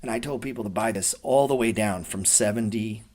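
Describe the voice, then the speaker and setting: A man's voice: lowish voice, brisk, a little mellow. A man in his forties hosting a trading show, talking casually to viewers and telling stories in a laid-back, swearing manner.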